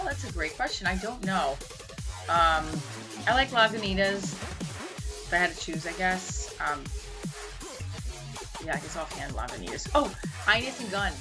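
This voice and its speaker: A young woman rambling casually through a home livestream, chatting and answering comments with the odd swear word. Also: mid-range voice. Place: room at home.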